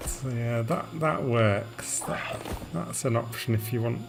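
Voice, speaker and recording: Gravelly slow-talking game streamer man. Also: medium pitch. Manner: relaxed, narrating his gameplay. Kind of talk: casual live game stream chat.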